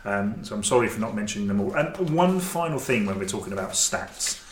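Man, podcast host, joking and rambling, low-ish voice, echoey room, faint hiss. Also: very animated, fairly quick. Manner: jokey, chatty, rambling with restarts. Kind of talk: casual podcast chat. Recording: roomy echo, faint noise.

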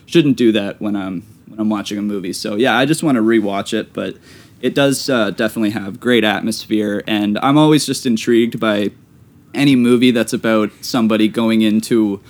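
A man's voice: on the low side, a little fast. A man co-hosting a film podcast, talking casually and with easygoing enthusiasm. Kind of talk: casual film review chat.

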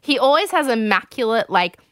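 A woman hosting a podcast, telling a gossipy, animated recap in casual chat. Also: fairly high pitch, a little fast, clear, resonant tone, dry recording, clean studio sound.

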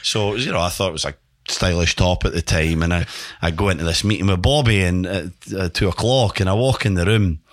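Homme, voix grave, co-animateur de podcast, ancien footballeur, raconte des anecdotes, son sec. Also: male voice, low voice, fast, hardly any pauses, no room sound, studio quality. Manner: animated storyteller with many restarts. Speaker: podcast co-host, former footballer. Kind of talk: casual chat.

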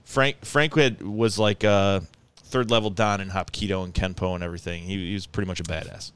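A man with a lowish, smooth, resonant voice tells a story in casual conversation. He rambles and restarts, grows animated as the story builds, and laughs along the way. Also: fairly quick. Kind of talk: casual chat, telling a story.

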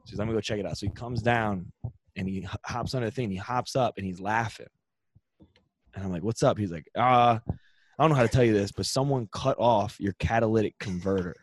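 A man's voice: lowish voice, brisk, no echo. A young man co-hosting a podcast, telling a long road-trip story in casual, profane chat and acting out the people in it. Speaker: podcast co-host.

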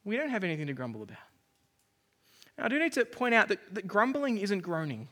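Bright-voiced male preacher. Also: sits high, sing-song, fast. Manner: conversational, self-deprecating preaching with acted asides. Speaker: pastor. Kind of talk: sermon.

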